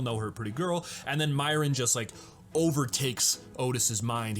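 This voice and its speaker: As host of a movie breakdown show, a man retells scenes in a casual, enthusiastic, chatty way, laughing often. His voice is mid-range and a bit bright.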